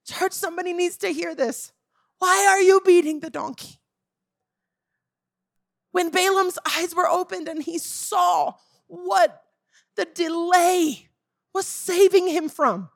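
A woman's voice: extremely high pitch, a bit bright. A woman preaching a sermon, emphatic and calling out to the congregation as church.

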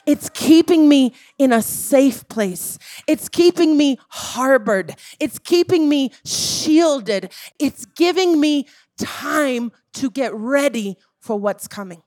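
A woman's voice: high voice, lively intonation, takes it slowly, a little mellow. A woman preaching a sermon, emphatic and calling out to the congregation as church.

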